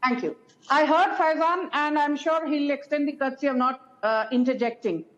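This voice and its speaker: A woman speaking as a panelist in a TV debate, deliberate and firm as she lists names. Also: high-pitched. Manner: deliberate, listing names firmly. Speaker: political panelist. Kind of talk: TV debate remote guest. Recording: muffled remote line.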